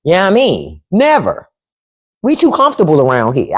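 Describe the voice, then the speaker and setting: A woman's voice: on the low side, huge pitch swings, fast. A middle-aged woman hosting a casual livestream from home into a microphone, acting out quoted voices as she talks. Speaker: livestream host.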